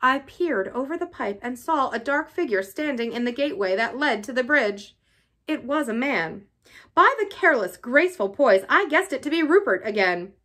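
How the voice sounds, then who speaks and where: A woman reading a novel aloud in an expressive, lively style. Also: sits high, moderate pace. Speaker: reader.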